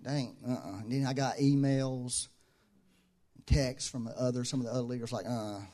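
A man delivers a sermon as pastor in a conversational style. His voice sinks low and soft in reflective stretches, then rises loud and high for emphasis. He repeats key phrases to hammer them home. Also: fairly even intonation, moderate pace.

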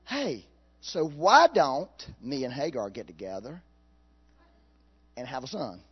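A preacher voicing a sly old patriarch. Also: male voice, mid-range voice, wildly swooping pitch, slow, breathy edge, lo-fi sound, pitched below the performer's own voice, full character voice. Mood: scheming. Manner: casual, sly. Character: scheming ancient patriarch, sly and excuse-making.

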